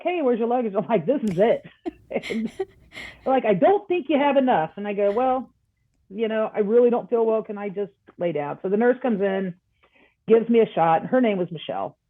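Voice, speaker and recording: A woman guest on a podcast, telling a personal story in a casual, animated way and acting out the dialogue. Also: mid-range voice, moderate pace, no room sound. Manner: animated, acts out quoted dialogue. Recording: tinny phone-like line.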